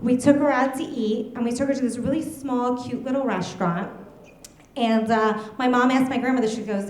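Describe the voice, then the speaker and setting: A young woman performing stand-up on a club stage, her fairly high voice carrying into a roomy, echoing space. She tells her stories deadpan and breaks into laughter at her own punchlines. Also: moderate pace, a little hiss or hum. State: heavily pregnant. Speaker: stand-up comedian. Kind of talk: stand-up comedy set.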